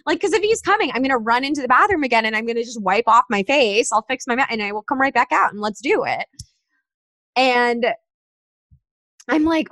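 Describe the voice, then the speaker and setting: High, lively young woman telling a story. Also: moderate pace, long pauses, no room sound. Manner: animated storyteller, acts out texts in quoted voices. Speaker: guest telling a dating story. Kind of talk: casual chat.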